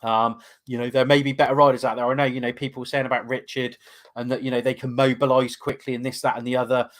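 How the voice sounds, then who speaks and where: On a laid-back fan podcast, this co-host rambles with enthusiasm and plenty of filler words. His medium-pitched voice is a bit bright and moves quickly, with little rise or fall.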